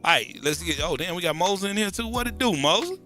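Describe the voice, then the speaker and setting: A man's voice: high voice, expressive, fast, pushed and bright, soft background music. A man with a Southern American accent, co-hosting a casual podcast, joking and slangy. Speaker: podcast co-host. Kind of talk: casual chat.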